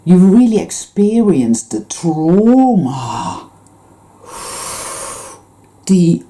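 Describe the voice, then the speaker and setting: A woman's voice: lowish voice, very animated, drawn-out words, pauses often, dark tone. A woman giving an intense, rambling spiritual monologue to her viewers, full of swearing. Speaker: spiritual vlogger.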